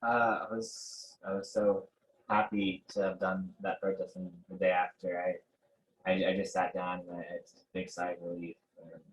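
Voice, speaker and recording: A man's voice: low voice, flat delivery, moderate pace, rough recording. A young man being interviewed, casually recounting events with frequent fillers and restarts. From Mexican heritage. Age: teens. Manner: hesitant, many restarts and fillers, laughs often. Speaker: interviewee, protest organizer.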